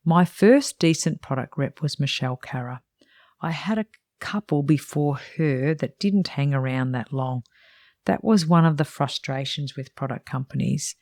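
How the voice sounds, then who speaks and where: A woman's voice: sits low, normal speed, a little mellow, no echo, studio quality. A middle-aged woman who mentors salon owners and hosts a podcast, reading her own book aloud in a frank, chatty way with wry asides.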